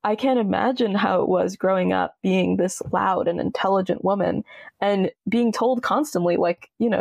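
A young woman talking casually and passionately as a podcast guest, with emphatic, expressive delivery. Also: mid-range voice, moderate pace, gravelly, dry recording. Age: young adult. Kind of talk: casual conversation.

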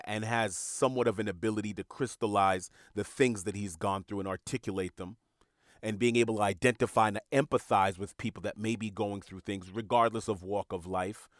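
A man's voice: on the low side, no echo, studio quality. A man hosting a podcast, talking in an earnest, reflective monologue and repeating words as he searches for them. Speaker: podcast host.

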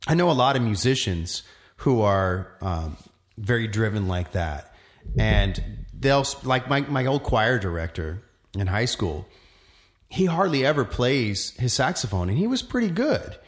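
A man who works as a musician and actor, musing in casual chat with lots of pauses and restarts. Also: on the low side, sing-song. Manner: reflective, rambling, many fillers and restarts.

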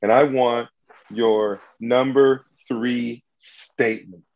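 A man's voice: mid-range voice, fairly even intonation, slow, lo-fi sound, background noise. A man hosting a podcast game, playful and teasing as he talks. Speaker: podcast host running a game. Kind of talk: casual chat.

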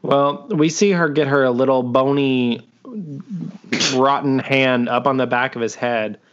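A man's voice: mid-range voice, steady tone, unhurried. A man co-hosting a podcast over a video call, recapping an episode in casual, profane, joking chat and acting out the characters' lines. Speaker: podcast co-host. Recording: dull lo-fi audio.

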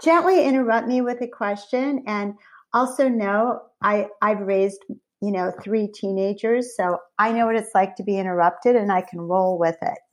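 A middle-aged woman, a company founder and guest, telling family stories in an animated, conversational way. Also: mid-range voice, moderate pace. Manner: lively, animated storyteller with laughs. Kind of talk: conversational storytelling.

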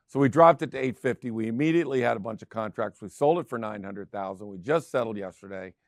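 A man's voice: lowish voice, fast, no echo, studio quality. A middle-aged man hosting a real estate show, talking casually and driving his points home with emphatic repetition. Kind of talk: casual talk show monologue.

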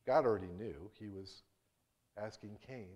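A man with a fairly low voice preaches a sermon at a normal speed in a conversational style. He restarts often, acts out quotes, and shifts between hushed and emphatic delivery.

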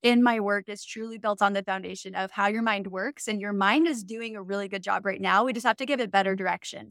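A woman's voice: a little high, fairly bright tone, dry recording, studio quality. A woman in her thirties, a mindset coach, talking in an upbeat, encouraging way as a guest in a casual interview. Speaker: mindset coach and social media influencer; podcast guest.

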